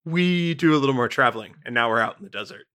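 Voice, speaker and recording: A woman's voice: very deep voice, lively intonation, fast, a bit bright. A woman co-hosting a casual chat and reading a storybook, playful and chatty. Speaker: podcast co-host.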